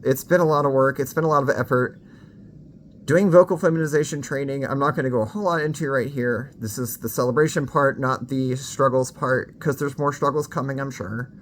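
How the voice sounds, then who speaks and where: A woman's voice: rumbling low, fairly even intonation, fairly quick, slight background noise. A woman talking casually to camera for her vlog, frank and candid, swearing freely and a little out of breath. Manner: slightly out of breath. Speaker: vlogger.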